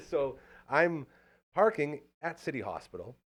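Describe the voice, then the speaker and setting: A man's voice: fairly high pitch, big pitch swings. A man hosting a casual local podcast, telling stories in a hyped, cheering way. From Canada. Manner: fast, hyped storytelling with lots of cheering. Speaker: podcast host.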